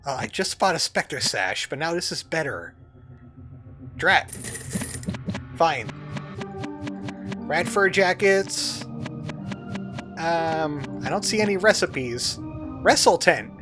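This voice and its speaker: Chatty man with a lively, higher voice. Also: slow, long pauses. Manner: chatty, jokey, reads game dialogue aloud. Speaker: let's play host. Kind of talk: casual gameplay commentary. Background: game music.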